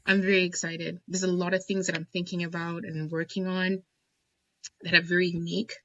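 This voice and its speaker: A woman's voice: on the low side, little pitch movement, brisk, fairly bright tone, no echo, lo-fi sound. A woman guest on a casual podcast interview, talking emphatically and with enthusiasm about blending whiskey. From United States.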